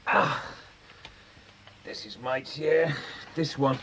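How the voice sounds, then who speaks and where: A man's voice: on the high side, steady tone, very slow, husky, exaggerated voice. Bullying drunk Liverpool father. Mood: drunken, belligerent. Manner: shouting, bullying, with coughing fits. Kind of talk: radio drama acting.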